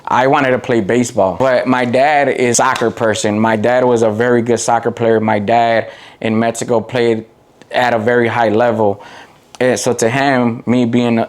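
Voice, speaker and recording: A middle-aged man from the Waukegan area, a podcast guest telling stories in casual chat, rambling with lots of fillers and getting animated when he quotes people. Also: mid-range voice, normal speed. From Waukegan area, Illinois. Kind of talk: casual interview storytelling.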